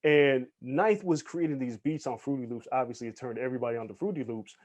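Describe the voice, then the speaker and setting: A man guesting on a podcast interview, telling stories in an animated, casual way, acting out the people he quotes and swearing freely. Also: medium pitch, quick pace. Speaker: guest, hip hop journalist.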